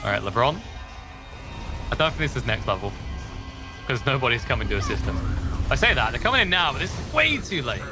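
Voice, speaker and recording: A male esports caster calling a match play by play, excitable and quick to jump up in pitch when fights break out. Music plays clearly under his voice, and he sits at a middle pitch. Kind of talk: play-by-play commentary.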